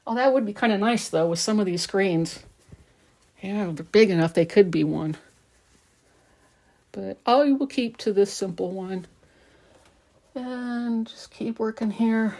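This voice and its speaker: A woman's voice: medium pitch, slow, pauses often, warm tone, a little hiss or hum. A middle-aged woman quilter chatting casually and rambling as she sews at home. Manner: rambling, chatty, talks while working. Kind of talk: casual chat while sewing.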